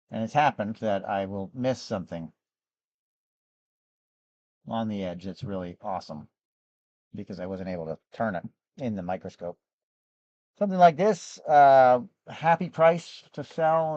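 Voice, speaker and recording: Man, hoarse, losing his voice, rambling live-stream seller, warm tone, dry close sound. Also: mid-range voice, lively intonation, normal speed, long pauses, dry recording, dull audio. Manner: rambling, chatty, with restarts. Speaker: gem and fossil seller hosting a live show. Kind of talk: casual live-stream sales chat.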